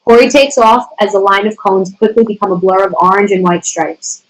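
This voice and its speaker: A woman's voice: mid-range voice, fairly quick, poor audio. A woman steadily reading the stage directions aloud at a screenplay table reading.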